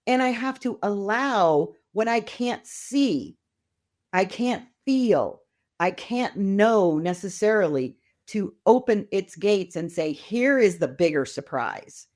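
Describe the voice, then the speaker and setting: A woman's voice: medium pitch, animated, takes it slowly, a little mellow. A middle-aged woman speaking as a podcast guest, talking casually and with enthusiasm, often acting out quoted voices. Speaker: podcast guest, wealth mentor. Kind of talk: casual conversational interview.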